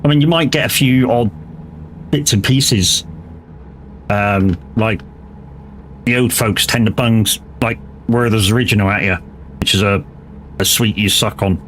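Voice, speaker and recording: An English gaming streamer chats casually during a livestream of a driving game, rambling along and swearing freely. His voice is lowish and fairly bright, unhurried with frequent pauses, and there's slight background noise.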